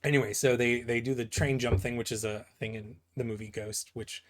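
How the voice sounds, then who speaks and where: A man's voice: mid-range voice, fairly even intonation, fairly quick. A man giving casual, rambling commentary on comic book pages, full of fillers and asides that end in "right?". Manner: rambling, filler-heavy, keeps asking "right?".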